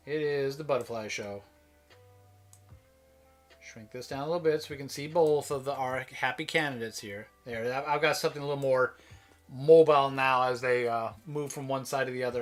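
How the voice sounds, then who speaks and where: A man's voice: mid-range voice, moderate pace, faint music behind. A man from Minnesota hosting a live stream, chatting casually in a rambling way that keeps breaking off and restarting. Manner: rambling, self-interrupting, chatty.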